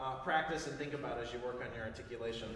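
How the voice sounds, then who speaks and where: Speaking at a racing clip in a medium pitch, a man runs a saxophone master class in a recital hall, with the audience audible in the background. He poses questions to the student supportively and demonstrates articulation by singing syllables. The hall capture sounds far off and reverberant, with slight noise.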